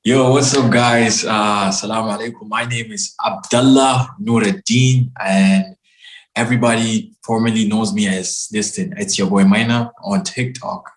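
A man's voice: on the low side, steady tone, normal speed, echoey room, poor audio. A man from Nigeria, a social media comedian, talking animatedly as a podcast guest and repeating himself for emphasis. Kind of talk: casual interview chat.

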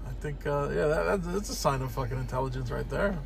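A man's voice: a little high, fast, vocal fry, a little hiss or hum. Joking, laid-back man in a car. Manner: laid-back, joking, acts out the dog's thoughts. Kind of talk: casual chat. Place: inside a parked car.

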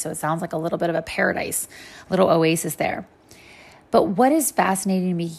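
A woman teaching a casual Bible study, chatty and lively, acting out quick voices for the people in the story. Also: lowish voice, gravelly, slightly rough.

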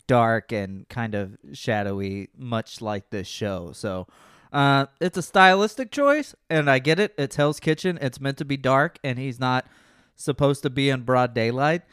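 A man co-hosting a podcast, his voice smooth and resonant, recorded close and dry with no room around it. He talks in a loose, rambling way, drops casual swears and sounds a little sleepy. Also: medium pitch, lively intonation, measured pace, a bit bright, dry recording. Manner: laid-back, rambling, swears freely. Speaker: podcast co-host. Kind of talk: casual chat.

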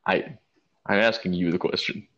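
Male podcast co-host, lower voice, animated profane storyteller, dull lo-fi sound. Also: normal speed. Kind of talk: casual storytelling chat.

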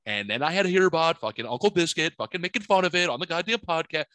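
A man in his forties co-hosting a podcast, telling a profane, animated story and acting out the people in it. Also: on the high side, fast talker, no room sound. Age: 40s. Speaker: podcast co-host. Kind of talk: casual storytelling chat.

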